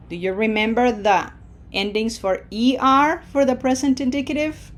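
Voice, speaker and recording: A woman's voice: fairly high pitch, fairly even intonation, moderate pace. A woman teaching a Spanish lesson from slides, drilling verb forms aloud with long, stretched vowels. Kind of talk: slide-based language lesson.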